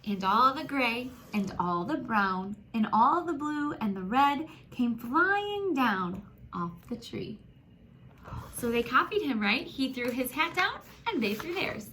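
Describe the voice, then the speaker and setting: Lively lady reading a kids story slow, gasps a lot, bit of background noise. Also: high voice. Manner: animated, gasping, talks to listeners as friends. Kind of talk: expressive children's story read-aloud.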